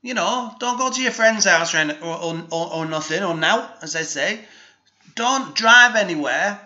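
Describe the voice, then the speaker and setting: A man with a put-on Northern English accent hosts a halting, rambling comic monologue, his somewhat high voice very bright and sharp. He stumbles through fillers and restarts with a deadpan, mock-serious air. The sound is a slightly dull, lo-fi home recording. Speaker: comic DJ host.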